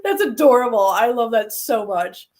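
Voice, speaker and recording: A woman with a slightly high voice hosts a live stream, chatting casually with her viewers. She tells stories animatedly, dropping into low grumbles of disgust and jumping up into high squeals. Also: expressive, normal speed, a little mellow.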